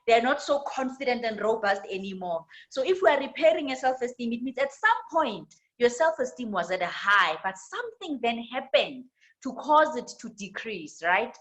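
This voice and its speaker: A woman's voice: fairly high pitch, lively intonation, moderate pace, fairly bright tone, poor audio. A woman with a South African accent teaching a church women's leadership class, often repeating words and asking "right?". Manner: tag questions, repetitions. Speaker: women's ministry trainer.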